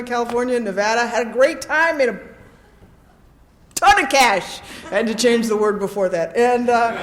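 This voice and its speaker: A woman gives a personal recovery share to a live audience, telling it as animated, comic storytelling. She keeps checking in with the crowd with quick "right?" asides. Her voice carries through a roomy hall with faint ambient noise. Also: fairly high pitch. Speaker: recovery convention speaker.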